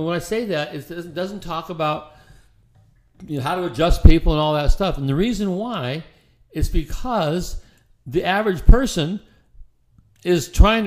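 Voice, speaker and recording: Middle-aged guy coaching chiropractors, kinda high voice for a man, chatty, stumbles and repeats himself. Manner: conversational, repeats words and restarts, acts out quoted dialogue. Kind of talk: casual instructional talk.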